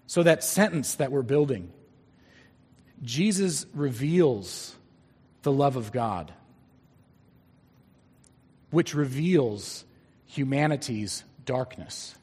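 A man preaching a sermon in a church, speaking deliberately and stretching key words for emphasis. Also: mid-range voice, expressive, a little mellow, husky, in a large hall. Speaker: pastor.

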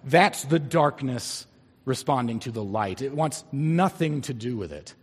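A man preaching a sermon in a church, speaking deliberately and stretching key words for emphasis. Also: medium pitch, animated, slightly rough, in a large hall. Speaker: pastor.

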